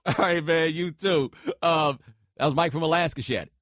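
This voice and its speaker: A man's voice: fairly high pitch, normal speed, a bit bright, dry recording, clean studio sound. Joking man hosting sports talk radio. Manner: loose and joking, slangy asides like "bro" and "man". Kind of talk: casual talk radio, taking calls. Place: radio studio. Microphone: studio microphone.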